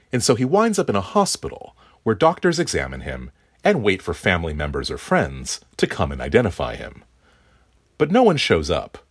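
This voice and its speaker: A man's voice: low voice, breathy edge, no echo. A man, a film critic, reading a scripted review expressively at a studio microphone.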